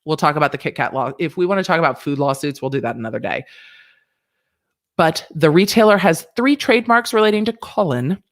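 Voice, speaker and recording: A woman's voice: sits low, animated, fairly quick. A woman hosting a casual livestream about a legal case, chatty and sassy with joking asides. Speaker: legal commentary host.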